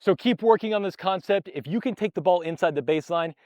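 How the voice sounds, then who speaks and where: A man's voice: high-pitched, quick pace, darkish tone, no echo. Dry, close-miked male tennis coach. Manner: upbeat, direct, explains step by step. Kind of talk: instructional coaching talk.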